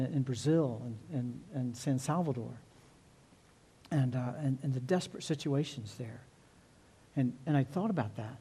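Earnest middle-aged male pastor, mellow voice. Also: a little high, slightly rough. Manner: earnest, repeats words, stresses phrases slowly. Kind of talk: sermon.

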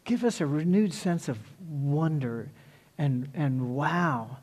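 A man's voice: fairly high pitch, slow, darkish tone. A male pastor preaching a sermon earnestly, repeating key phrases for emphasis.

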